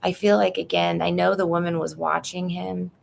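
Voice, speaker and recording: A woman's voice: on the low side, little pitch movement, normal speed, creaky, a little hiss or hum. A woman giving a live tarot reading from her apartment into a phone, chatty and blunt, calling the viewer "girl". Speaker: tarot reader. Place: apartment room at home.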